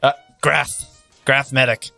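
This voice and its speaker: A man's voice: mid-range voice, level tone, slow pace, gravelly, sharp tone, soft background music, heavily acted. A man doing an offhand, curt ship pilot. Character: casual laid-back male starship pilot.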